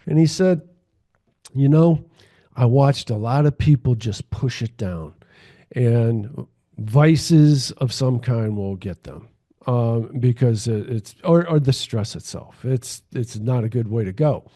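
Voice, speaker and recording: A man with a mid-range, mellow voice talks in a measured, reflective way. He often murmurs agreement while the other host speaks. The conversation is casual. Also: mid-range voice. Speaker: podcast co-host.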